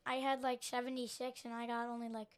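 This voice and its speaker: Young woman, co-host in casual chat; fairly high voice, short offhand replies. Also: level tone, fairly quick, clean tone. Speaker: teenage co-host, the host's child.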